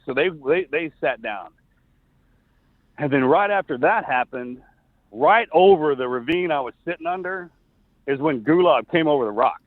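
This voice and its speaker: Middle-aged man, halting, over a phone line. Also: on the high side, no echo. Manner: earnest, halting, frequent restarts. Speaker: guest, former soldier. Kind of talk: recounting a personal story. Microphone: phone call. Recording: tinny phone line, dry.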